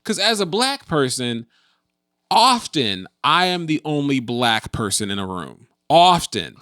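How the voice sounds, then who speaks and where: A man's voice: fairly high pitch, a little slow, no room sound, clean studio sound. A man co-hosting a podcast, chatting casually and telling stories in a loose, colloquial way. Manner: animated, storytelling, colloquial. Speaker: podcast co-host. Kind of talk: casual chat.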